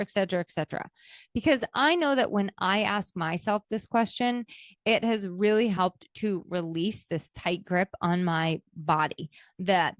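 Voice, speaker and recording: A woman's voice: mid-range voice, no echo, clean studio sound. A woman hosting her own podcast, speaking candidly and reflectively, sometimes emotional. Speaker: podcast host. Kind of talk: reflective personal podcast talk.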